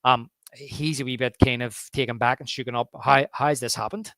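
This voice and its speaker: A man's voice: medium pitch, steady tone, brisk, bright, forceful tone, no echo, clean studio sound. Keen man co-hosting a film podcast. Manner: enthusiastic, retells scenes with relish. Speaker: podcast co-host. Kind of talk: casual film discussion.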